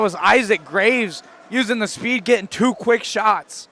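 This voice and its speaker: A man calling hockey play-by-play, firing off quick calls that jump to shouts on shots and goals. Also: sits high. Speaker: play-by-play commentator.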